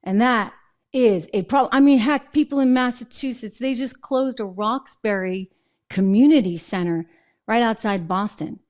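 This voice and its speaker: A woman's voice: a little high, normal speed, darkish tone. Indignant woman host firing rhetorical questions. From New Hampshire, USA. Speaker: commentary show host. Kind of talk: political commentary monologue.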